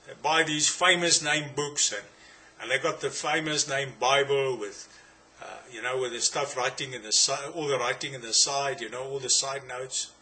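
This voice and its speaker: A man's voice: medium pitch, steady tone, moderate pace, pushed and bright. A man with a South African accent preaching a sermon, emphatic and repetitive, firing rhetorical questions at his listeners.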